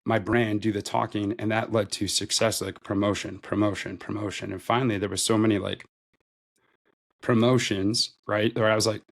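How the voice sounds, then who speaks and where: A man's voice: lowish voice, little pitch movement, moderate pace, gravelly. A man in his thirties, a podcast guest, recounting his career in a loose, conversational interview style, with lots of "like". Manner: loose and conversational, heavy use of "like". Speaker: podcast guest, retail store manager. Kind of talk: casual interview storytelling.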